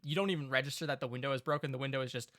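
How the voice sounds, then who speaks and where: A man's voice: medium pitch, steady tone, rapid-fire, fairly bright tone, no room sound, clean studio sound. A man narrating a tabletop game as game master, rambling with lots of "like" and everyday comparisons.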